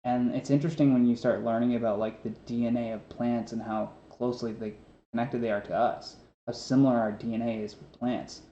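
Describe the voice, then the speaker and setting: A man's voice: mid-range voice, steady tone, fairly quick, warm tone. A man in his twenties as a podcast guest, telling rambling stories with lots of fillers, who has trouble with his s sounds. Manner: rambling, filler-heavy storytelling. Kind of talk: casual chat. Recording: roomy, dull lo-fi sound with faint noise.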